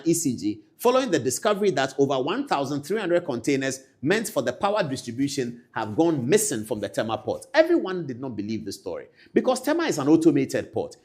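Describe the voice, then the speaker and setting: A Ghanaian man giving animated political commentary, swinging between loud outbursts and quiet asides. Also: fairly high pitch, husky.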